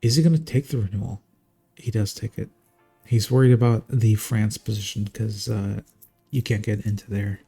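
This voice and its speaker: Gravelly, husky male game caster. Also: fairly low pitch, fairly even intonation, moderate pace, warm tone, faint music behind. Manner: casual, chatty, jokey, laughs often. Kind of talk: live game commentary.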